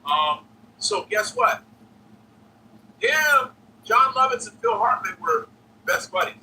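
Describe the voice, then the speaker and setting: High, wildly animated male storyteller. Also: slow pace, distant mic, low-quality recording. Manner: profane, acts out other people's voices. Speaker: comedian telling a story. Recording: played podcast clip, voice off-mic with faint noise.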